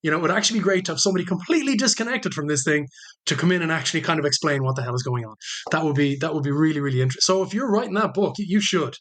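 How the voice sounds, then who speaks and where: An Irish man talks quickly in a relaxed podcast chat, his voice sitting a little high. He tells rambling, self-deprecating stories full of restarts. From Ireland. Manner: chatty storyteller, many restarts and self-deprecating jokes. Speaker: guest historian. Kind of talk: casual podcast conversation.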